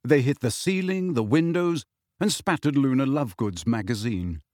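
A male audiobook narrator telling a story with animated, expressive delivery. His pitch rises and falls freely. The recording is dry and close with no room sound. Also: moderate pace, dry recording. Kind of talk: scripted narration.

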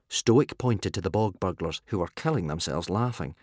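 Man reading a storybook with husky voice. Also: low voice, normal speed, hardly any pauses, dry recording. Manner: lively, dry comic delivery. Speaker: audiobook narrator. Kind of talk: storybook narration. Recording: dry close studio read with faint music.

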